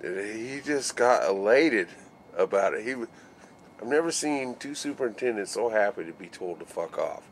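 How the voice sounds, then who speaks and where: A construction worker tells a rambling work story in a low, easygoing voice, swearing and laughing as he goes. He acts out the other men's lines, and a faint hiss runs under the recording. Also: expressive, normal speed. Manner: laid-back, laughing, swears freely, acts out quoted voices. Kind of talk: casual storytelling vlog.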